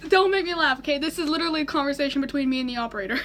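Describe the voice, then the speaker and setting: Casting note: teen girl vlogger, high bright voice, giggly and chatty. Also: expressive, racing, slight background noise. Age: teens. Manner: laughing through her story, giggly. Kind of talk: casual storytelling.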